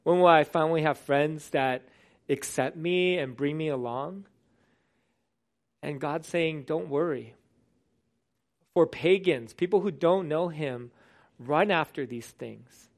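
A man preaching to his congregation, his voice sitting a touch higher than most men's. He talks in an earnest, conversational way and restarts his phrases now and then. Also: unhurried. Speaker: pastor. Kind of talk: sermon.

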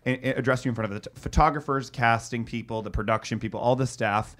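A man's voice: mid-range voice, quick pace, fairly bright tone. Man recounting a story in a chat. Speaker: podcast guest. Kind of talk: casual chat.

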